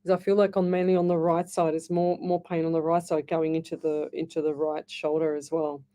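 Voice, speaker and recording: A woman with an Australian accent hosting a live psychic call-in radio show, chatty and quick to laugh. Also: low-pitched, flat delivery, dark tone. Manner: chatty, laughs easily, reads messages aloud. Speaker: psychic medium radio host. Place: radio studio.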